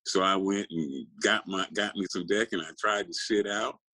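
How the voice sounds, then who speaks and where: A man's voice: low-pitched, normal speed, bright, forceful tone, rough recording. A man in his sixties from California, a guest telling rambling, profane stories in casual interview chat.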